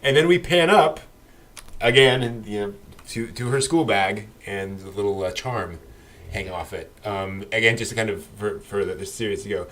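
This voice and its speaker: A man co-hosting an anime discussion show, talking through scenes thoughtfully with lots of ums and pauses. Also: fairly low pitch, fairly bright tone. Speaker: podcast co-host. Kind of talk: casual analytical discussion.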